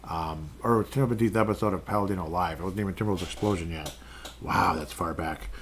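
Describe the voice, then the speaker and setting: A man's voice: deep voice, a little fast, noisy background. A man hosting a casual solo sports podcast, rambling and chatty as he reads fan posts aloud. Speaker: podcast host.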